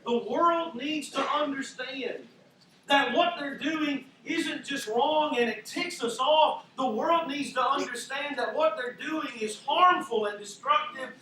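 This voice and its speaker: A man's voice: extremely high pitch, unhurried, pushed and bright. A man preaching a sermon as pastor, conversational with self-deprecating asides. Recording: echoey hall from far off, faint noise.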